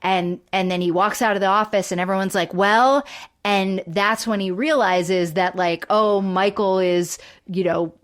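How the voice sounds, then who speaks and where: A woman's voice: mid-range voice, fairly even intonation, normal speed, few pauses. A woman co-hosting a podcast, casually recapping a sitcom episode in a chatty, meandering way full of "like" and quoted asides. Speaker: podcast co-host.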